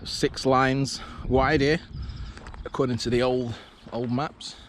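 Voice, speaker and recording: Walking along an old railway line outdoors, a man vlogs in a steady, mid-range voice at a slow pace. He chats casually and thinks aloud, restarting his sentences, with faint outdoor noise in the background.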